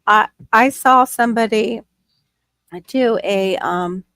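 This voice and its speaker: A woman hosting a casual chat, talkative and quick to gasp. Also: fairly high pitch, fairly bright tone, smooth, no echo. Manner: chatty, gardening talk, quick gasps. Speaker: host.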